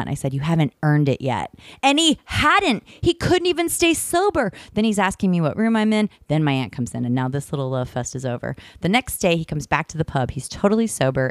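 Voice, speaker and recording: A young woman co-hosting a casual podcast, full of sass as she tells a story. Her voice sits fairly low but keeps jumping up high. The sound is dry and close. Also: dry recording. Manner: animated, sassy, swings from low to high. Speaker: podcast co-host.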